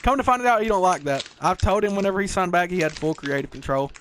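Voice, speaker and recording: A man's voice: high-pitched, fast talker, fairly bright tone, slight background noise. A man in his twenties with a Southern US accent, chatting loosely and profanely as a podcast host, peppering his talk with "bro" and "dog.". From American South. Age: 20s. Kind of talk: casual chat.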